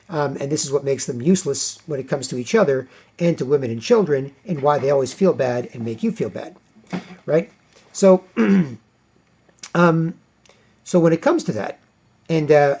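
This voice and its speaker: A vlogger with a Canadian accent rambles through an opinion monologue, repeating himself, tagging lines with "right?", and acting out the voices of the people he quotes. His mid-range voice has a dark tone and a breathy edge. The sound is dull and lo-fi.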